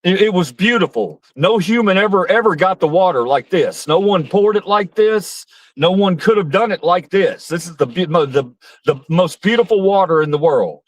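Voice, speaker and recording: A man's voice: high voice, expressive, moderate pace, no room sound, pitched above the performer's own voice, rough recording. A man doing a mocking impression of a boastful grown man, bragging in grandiose, repetitive superlatives.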